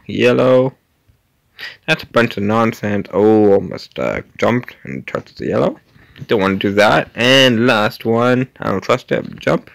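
A man hosting a gaming channel, chatting casually to himself and his viewers as he plays, with quick little laughs. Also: on the low side, vocal fry, a bit bright, dry recording. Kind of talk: casual gameplay commentary.

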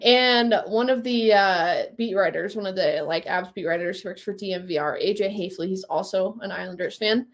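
A woman co-hosting a hockey podcast in casual chat, an animated storyteller who acts out quotes. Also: mid-range voice, normal speed, few pauses. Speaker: podcast co-host.

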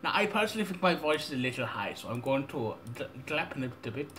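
Young man, mock tutorial, deadpan, rambling, faint background hiss. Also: fairly high pitch, fast. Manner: rambling, absurd, mock-serious. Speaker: tutorial maker.

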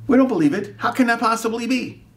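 A man's voice: extremely high pitch, expressive, fast talker, voice pushed up. A man voicing scared men hiding in a locked room, bickering nervously in a children's chapel story.

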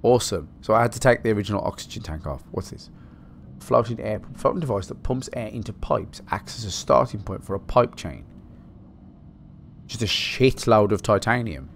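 A man from Britain giving excitable, swear-heavy let's play commentary, talking to himself as he plays. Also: on the low side, normal speed, gravelly, a little hiss or hum. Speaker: gaming channel host.

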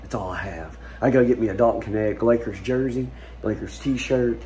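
A man filming an excited sports reaction video at home at night, overexcited and repeating his exclamations. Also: medium pitch, normal speed, background noise. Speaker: sports fan vlogger.

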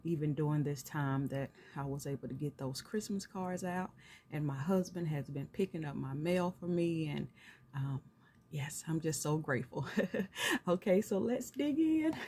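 A woman's voice: deep voice, a little slow, mellow, a little hiss or hum. A woman hosting a craft vlog from home, gushing with thanks and laughing often as she unboxes gifts. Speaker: craft channel host opening gifts. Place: at home, filming on a tripod. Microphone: camera on a tripod.

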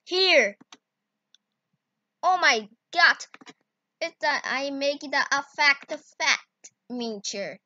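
A woman guides a casual video editing tutorial in halting, broken English. Her voice is high and bright, and she speaks very slowly, with sudden excited outbursts. The sound is close, dry and a little dull. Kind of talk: casual screen-recorded tutorial. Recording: dull lo-fi recording.

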